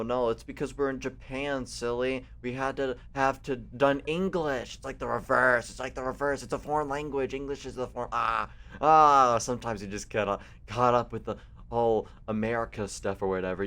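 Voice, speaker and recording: A man's voice: medium pitch, fairly even intonation, moderate pace, fairly bright tone, smooth. A man reading a visual novel aloud as a let's play, with playful, rambling asides.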